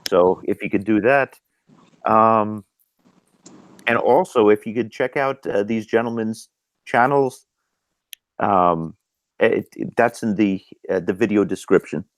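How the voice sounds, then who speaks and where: A middle-aged man with a lowish voice hosts a live video chat, losing his voice as he goes. He talks through a video-call mic with a dry, close sound and full of ums and false starts. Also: measured pace, long pauses, no room sound. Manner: loose, filler-heavy talk with many ums and restarts. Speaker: host of a live video hangout. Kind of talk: casual live-stream chat. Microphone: video call microphone.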